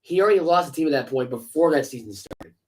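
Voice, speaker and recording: A man's voice: fairly high pitch, animated, fast talker, a little mellow, poor audio. A man co-hosting a sports podcast, ranting heatedly with profanity and sarcastic rhetorical questions. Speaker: podcast co-host. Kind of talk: casual sports podcast rant.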